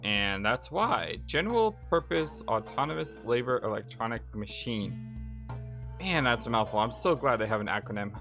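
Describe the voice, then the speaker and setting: A man gives casual, rambling let's play commentary, full of "you know" and restarts. His voice sits at a middling pitch. Game music plays faintly under him. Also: sing-song, moderate pace. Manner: chatty, rambling, with many fillers.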